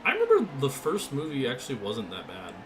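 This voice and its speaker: A young man streams a racing game, calling the race like a play-by-play announcer and then chatting loosely with viewers. His voice sits in a middle pitch. There is clear background noise and ambience under him. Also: wildly swooping pitch, a little fast. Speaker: gaming streamer. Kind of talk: live racing game commentary.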